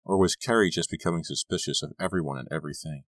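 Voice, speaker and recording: Deep-voiced male audiobook narrator. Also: fast talker, hardly any pauses, fairly bright tone, no room sound. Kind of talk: scripted narration.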